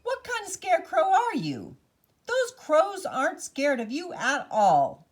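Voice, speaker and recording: A woman's voice: high voice, lively intonation, normal speed, pitched above the performer's own voice. A woman voicing a stern male farmer in a storybook, scolding and impatient.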